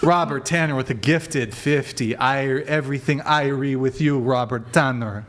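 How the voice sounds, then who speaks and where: A laid-back Jamaican-accented man drawls out his thanks, as a male streamer puts on the voice. The words stretch slowly, and a faint hiss sits underneath. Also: medium pitch, fairly bright tone, lightly acted. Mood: jokey. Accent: put-on Jamaican.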